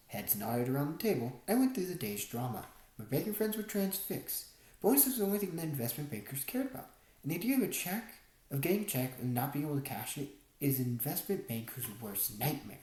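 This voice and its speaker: A woman reading a first-person memoir as an audiobook narrator, expressive storytelling. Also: sits low, fast talker, roomy sound, rough recording. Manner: expressive storytelling, wide swings in tone.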